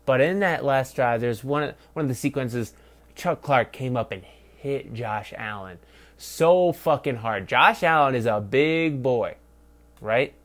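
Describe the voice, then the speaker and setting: A young man reviews a football game on his own, cursing freely and mocking the announcers. He rambles, gets loud in bursts, then drops to low mutters. His voice sits at an average pitch for a man. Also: expressive, a little slow. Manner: profane, rambling, mocking, swings from loud to mumbled. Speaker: sports podcast host. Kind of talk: casual solo game review rant.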